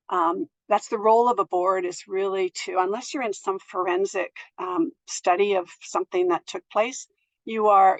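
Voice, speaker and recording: Middle-aged woman giving a talk, gentle and thoughtful, lots of ums, dry close sound. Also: medium pitch, dry recording, rough recording. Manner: thoughtful, gentle, with many fillers and restarts. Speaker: board governance speaker. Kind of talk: presentation to an audience.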